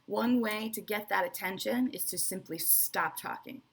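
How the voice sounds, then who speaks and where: In an online lesson for viewers, a woman walks through English presentation skills one step at a time, restating the main points and often asking "right?" or saying "okay." She has a gravelly, husky, medium-pitched voice and a moderate pace.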